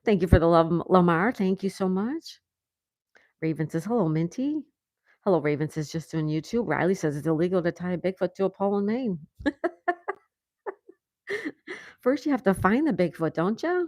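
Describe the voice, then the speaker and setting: A woman's voice: fairly low pitch, expressive, brisk, a little mellow, dry recording, studio quality. A woman hosting a casual livestream, reading viewer comments aloud and laughing often. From United States. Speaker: livestream host. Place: home in Florida.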